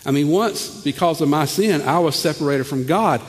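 A man, preaching a sermon in an animated way, stammering over repeated words and swinging from loud to hushed. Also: on the high side, moderate pace, long reverb tail. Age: 40s. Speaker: pastor.

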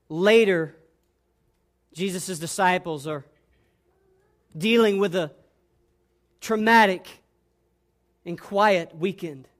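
A man preaching a sermon, reading scripture and speaking with passion, often repeating words and dropping to hushed tones. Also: high-pitched. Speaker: pastor.

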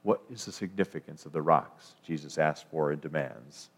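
A man's voice: a bass voice, moderate pace, husky. A man preaching a sermon, emphatic, rising to declarations and often restarting his phrases.

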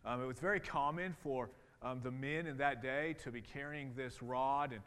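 A man's voice: medium pitch, steady tone, normal speed, fairly bright tone, smooth. A man in his thirties preaching a sermon in a conversational way, with lots of restarts. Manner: conversational, with many fillers and restarts. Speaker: pastor. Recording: long reverb in a hall.

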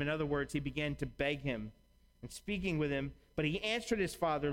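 A man's voice: on the high side, a little fast, rough recording. A man preaching a sermon in a conversational way, acting out imagined dialogue as he talks. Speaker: pastor.

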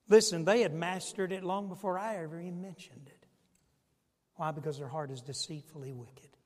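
A male pastor preaching a sermon in a church, swinging from hushed tones to shouting. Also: a little high, normal speed, long reverb tail. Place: church sanctuary.

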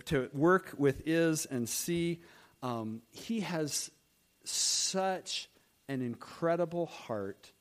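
A man pastor preaching a sermon in an animated, emphatic way. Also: a little high.

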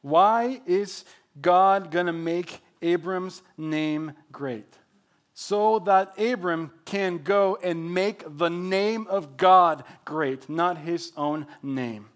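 High-voiced man preaching emphatic sermon. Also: a little slow. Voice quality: emphatic, builds points through repetition. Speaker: pastor.

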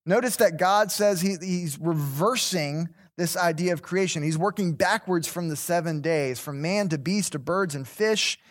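A man's voice: sits high, normal speed, hardly any pauses. A man teaching an interactive Bible class, talking conversationally, repeating words and putting questions to the group.

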